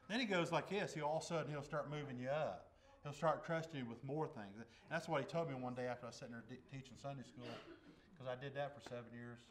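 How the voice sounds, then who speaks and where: A man telling his conversion story in church as a lay preacher, folksy and plain, dropping to a hush and then bursting out loud. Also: medium pitch. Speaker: lay preacher giving testimony. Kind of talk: testimony sermon. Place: church service.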